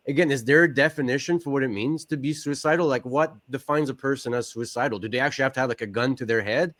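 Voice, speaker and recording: A man's voice: medium pitch, fast, fairly bright tone. A man hosting a podcast interview, asking thoughtful and personal questions. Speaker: podcast host.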